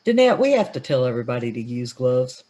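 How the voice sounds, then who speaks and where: A woman's voice: a bass voice, sing-song, quick pace, dark tone. A woman co-hosting a casual show, chiming in with quips and laughing often. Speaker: co-host. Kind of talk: casual chat.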